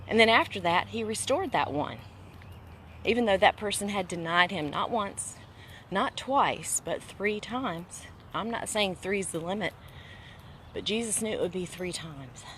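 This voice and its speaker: A woman's voice: medium pitch, expressive, a little slow, fairly bright tone, slight background noise. A woman host sharing a personal faith testimony in casual conversation, earnest and emphatic, repeating phrases for weight. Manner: earnest preaching tone.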